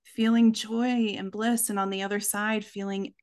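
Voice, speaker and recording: A woman's voice: mid-range voice, little pitch movement, a little mellow, clear, resonant tone. Earnest woman telling her own story. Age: adult with children. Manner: earnest, reflective, slows for emphasis. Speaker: podcast guest. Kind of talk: personal story in conversation.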